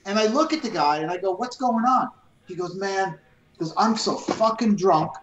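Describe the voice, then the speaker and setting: A middle-aged man, a retired police officer and business owner, telling animated and profane stories on a casual podcast and acting out both sides of the dialogue. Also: high-pitched, normal speed, muffled recording, noisy background. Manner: animated, profane storyteller who acts out dialogue. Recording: roomy echo.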